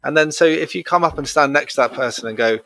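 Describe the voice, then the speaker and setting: A man hosting a podcast, thoughtful and measured, pausing and hesitating as he works through his points. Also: a little high, gravelly, pushed and bright. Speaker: podcast host. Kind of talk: conversational podcast discussion.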